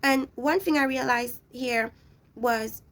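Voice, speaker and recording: A woman's voice: high voice, slow pace, a bit bright. A young woman recapping a reality show in a blunt, scolding rant, talking straight at the people she criticizes. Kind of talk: ranting show review.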